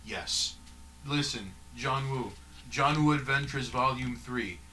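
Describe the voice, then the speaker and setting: A man's voice: medium pitch, slow pace, pushed and bright, slight background noise, rough recording. A man hosting a casual gaming stream, joking around and reading out viewer comments. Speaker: stream host reading chat.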